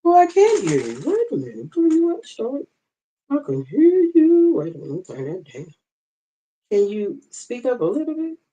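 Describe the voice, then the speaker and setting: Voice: sits high, huge pitch swings, moderate pace, dark tone, rough recording. A live-stream host teaching a class, chatting casually with viewers and flustered by technical trouble, with lots of y'all and ain't, speaking into a tablet while wearing bone-conduction headphones. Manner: chatty, talks straight to the chat, flustered by tech trouble; uses plenty of y'all and ain't.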